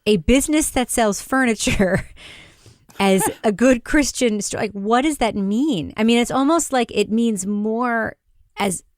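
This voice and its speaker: A woman's voice: a little high, a little slow, no echo, studio quality. A woman hosting a podcast, chatting casually and leading the discussion. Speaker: podcast host. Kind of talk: casual chat.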